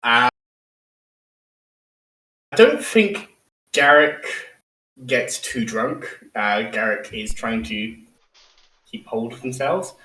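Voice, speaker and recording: A man's voice: medium pitch, animated, slow pace, pauses often, bright, forceful tone. Distant, roomy-sounding male game master. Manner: hesitant, filler-heavy narration. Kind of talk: narrating a tabletop game.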